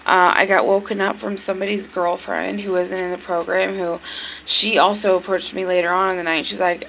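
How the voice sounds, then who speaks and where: A woman's voice: mid-range voice, fairly even intonation, normal speed, creaky, fairly bright tone, a little hiss or hum, low-quality recording. A young woman telling a personal story in a vlog, blunt and profane, venting with emotion. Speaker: vlogger.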